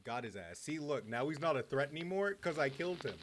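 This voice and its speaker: A young man hosting a game reaction, loud and excitable and full of swearing. His voice sits somewhat high, and he stumbles over restarts when he gets worked up. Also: a little fast, a little hiss or hum. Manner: loud, profane, stammering restarts. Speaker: gaming reaction host.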